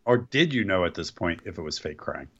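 A man's voice: low-pitched, big pitch swings, fairly quick, a bit bright, lo-fi sound. A man co-hosting a casual podcast, tossing in dry, contrary quips. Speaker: podcast co-host.

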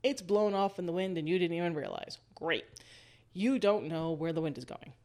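A woman hosting a casual storytelling monologue, lively, laughing often and walking the listener through a scene. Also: on the low side, moderate pace.

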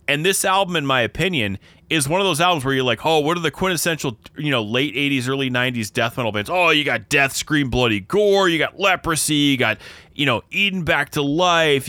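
Bright and forceful at a medium pitch, this man's voice comes through a dry recording as he co-hosts a podcast. He chats casually, telling meandering tales that circle back on themselves while he cuts himself off mid-thought.

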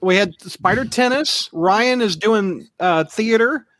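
A podcast host leading a casual group chat, talking quickly with frequent laughs. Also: medium pitch, a bit bright, dry recording.

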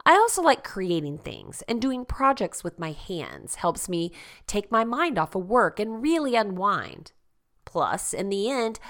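A woman's voice: mid-range voice, fairly bright tone. A woman hosting a lifestyle segment, chatty and upbeat, laughing easily as she goes through tips. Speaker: host.

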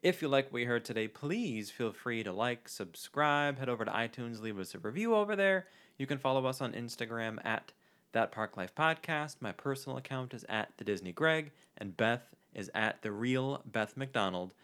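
A man's voice: mid-range voice, animated, moderate pace, a bit bright. Chatty man hosting a podcast. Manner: chatty, rambling with fillers. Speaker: podcast host. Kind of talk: casual chat.

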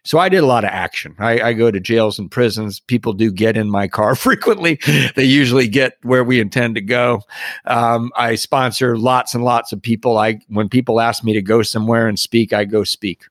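A middle-aged man, a podcast guest, earnestly telling a personal recovery story with reflective pauses and soft laughs. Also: mid-range voice, no room sound, studio quality.

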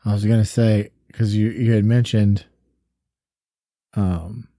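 A man with a low, very mellow voice chats as a co-host in a casual faith discussion. He is friendly and teasing, and livens up when he tells a story. The recording is dry and close. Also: fairly even intonation, slow pace, gravelly, dry recording. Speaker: podcast co-host.

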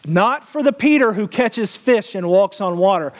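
High-voiced man preaching in a hall. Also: expressive, normal speed. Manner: asks the congregation questions, laughs often. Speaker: pastor. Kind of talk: sermon.

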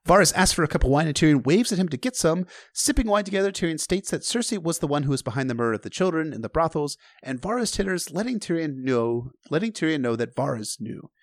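A man's voice: on the high side, expressive, quick pace, hardly any pauses, no echo, studio quality. A man hosting a casual book recap, sarcastic and profane, joking as he retells the story. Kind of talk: casual recap with read-aloud quotes.

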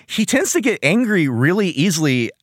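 A man's voice: high voice, very animated, normal speed, a little hiss or hum. A young man hosting a casual podcast, talking animatedly, laughing often and acting out character voices. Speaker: podcast host. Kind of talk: casual chat about a cartoon.

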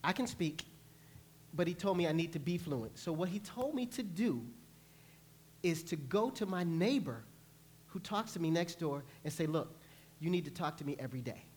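A male pastor preaching a sermon, telling lively stories and acting out panicked voices. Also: a little high, normal speed, a little hiss or hum. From New York. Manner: animated storytelling, acts out panicked voices. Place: church.

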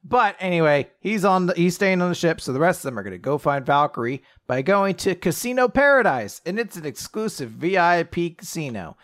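A young man co-hosting a podcast, casually recapping an anime, animated, swearing and acting out quotes. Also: high voice, brisk, few pauses. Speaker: podcast co-host.

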